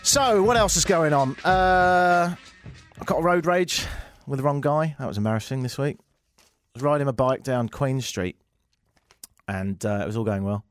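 A man's voice: mid-range voice, moderate pace, no room sound, faint music behind. A man hosting a radio talk show, telling jokey stories and acting out the other people in them with a raised voice. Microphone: studio microphone.

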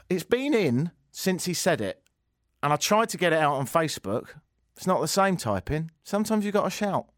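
British male radio host, sarcastic comic monologue, swoops all over his pitch, dry close studio mic. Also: moderate pace, dry recording. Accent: British English. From Britain. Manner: sarcastic, animated, mock-outraged rants. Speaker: radio talk show host. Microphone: studio microphone.

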